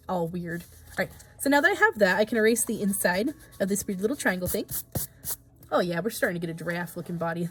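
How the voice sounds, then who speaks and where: A woman art teacher talking through a drawing tutorial step by step, patient and casual, with small asides. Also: mid-range voice. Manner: patient, explains each stroke, casual asides.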